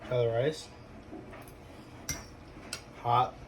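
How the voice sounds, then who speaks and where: A man taste testing a home-cooked dish on camera, speaking briefly and low-key, sometimes with his mouth full. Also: steady tone, drawn-out words, slight background noise. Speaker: taste tester. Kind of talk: casual taste test.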